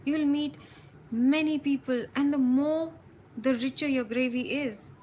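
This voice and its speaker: Intense, passionate woman, high voice. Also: measured pace, slight background noise, poor audio. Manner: speeds up when excited; frequent laughs and warm endearments. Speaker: spiritual live-stream host. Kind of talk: live-stream talk to viewers.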